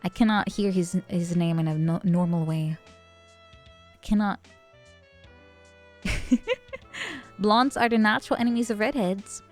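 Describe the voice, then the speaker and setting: A woman's voice: mid-range voice, measured pace, long pauses, faint music behind. A woman streamer chatting casually, rambling and joking and often breaking into laughter. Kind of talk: casual chat.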